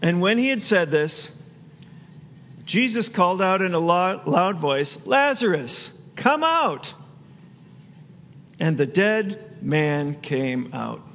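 A man's voice: a little high, takes it slowly, fairly bright tone, in a large hall, slight background noise. A man preaching a sermon as pastor, in a conversational way with asides he laughs at himself.

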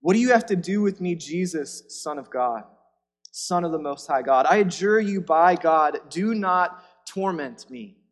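A man voicing a defiant legion of unclean spirits that pleads loudly as he reads it out in a sermon. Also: fairly high pitch, animated, measured pace, in a large hall. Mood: frantic pleading.

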